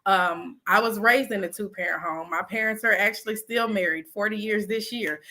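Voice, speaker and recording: A woman's voice: medium pitch, moderate pace, pushed and bright. A woman, a program assistant and mentor, speaking earnestly and from the heart in a casual chat.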